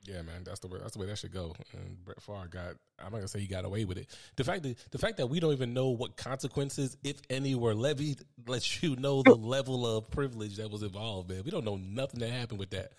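A lower-pitched man chatting on a podcast. He tells stories in a loose, slangy, laid-back way. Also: quick pace, creaky, hardly any pauses, a little mellow. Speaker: podcast co-host. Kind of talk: casual chat.

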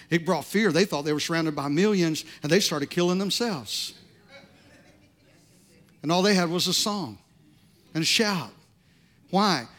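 A middle-aged male pastor preaching a sermon in a church, telling stories in a loud, animated, conversational way. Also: on the high side. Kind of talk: sermon with storytelling.

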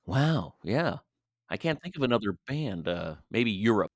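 A man's voice: on the low side, very animated, unhurried. A man co-hosting a podcast in casual chat, running a music quiz in a teasing, playful way. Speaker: podcast co-host, quizmaster.

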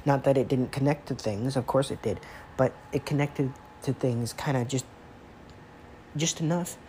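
A man's voice: medium pitch, moderate pace, mellow, a little hiss or hum, low-quality recording. A man hosting a casual gaming commentary monologue, rambling and conversational with many fillers and restarts.

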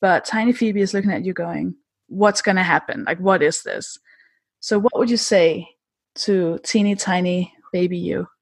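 A woman's voice: fairly low pitch, normal speed, creaky, slightly rough, no room sound. A woman hosting a podcast, chatting casually and setting up her questions with playful storytelling. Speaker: podcast host. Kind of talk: casual interview chat.

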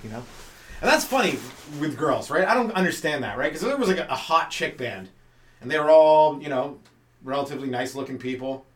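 A man's voice: on the high side, lively intonation, brisk, reverberant, far from the mic. A man doing a loose, profane comedy podcast monologue, full of rhetorical questions. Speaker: stand-up comedian podcast host.

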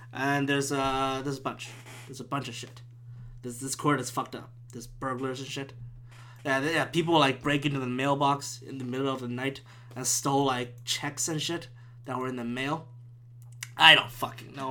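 A man's voice: medium pitch, steady tone, normal speed, bright, forceful tone. A man, a former stand-up comic, ranting alone on his podcast at home in a profane, rambling, exasperated way. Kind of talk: solo podcast rant. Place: room at home with the window open.

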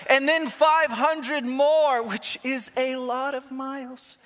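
A man's voice: very high-pitched, normal speed, few pauses, fairly bright tone, big-room sound. A man preaching a sermon as pastor, conversational and self-deprecating, with playful asides to the congregation.

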